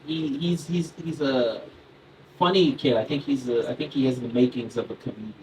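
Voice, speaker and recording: Recorded from a distance in a noisy comedy club, this man in his thirties does stand-up with a relaxed, talkative style. He laughs into his jokes and chats with the crowd in a mid-range, darkish voice at a moderate pace.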